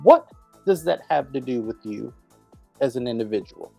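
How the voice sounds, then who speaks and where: A woman's voice: extremely low pitch, expressive, normal speed, creaky, a little mellow, breathy edge, no echo, faint music behind. A woman co-hosting a casual talk show, ranting bluntly and with profanity about the news. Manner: ranty, blunt and profane, laughs easily. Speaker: podcast co-host. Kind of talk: casual opinionated chat.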